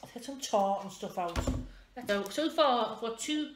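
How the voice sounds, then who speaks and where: A woman's voice: on the high side, lively intonation, normal speed. A woman in her thirties, chatting casually and rambling in a self-mocking way as a vlogger while wrapping presents at home. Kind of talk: casual vlog chat. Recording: echoey room with clear background noise.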